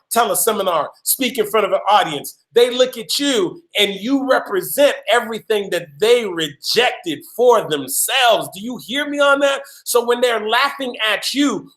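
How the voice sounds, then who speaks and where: High-voiced motivational guy, punchy and repetitive, echoey room. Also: a bit bright. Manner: emphatic, repetitive, calls out listeners by name. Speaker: motivational speaker. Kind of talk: motivational talk on a live call.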